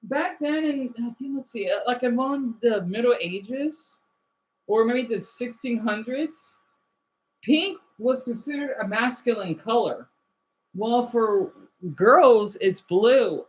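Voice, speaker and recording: A woman streaming a game on her phone and chatting excitedly with her viewers, often restarting her sentences. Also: a little high, slow, husky. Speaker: game streamer reading chat. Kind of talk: casual livestream chat. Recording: dull lo-fi phone audio.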